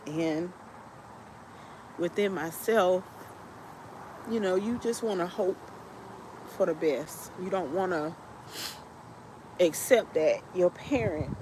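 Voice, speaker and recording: A woman hosting a podcast, telling a personal story in a halting, heartfelt way while tearful. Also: on the low side. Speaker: podcast host. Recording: noticeable background noise.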